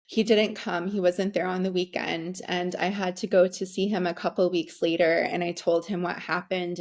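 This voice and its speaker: A young adult woman, a podcast guest, candidly telling a personal story with frequent ums and restarts. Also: fairly low pitch. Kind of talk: conversational storytelling.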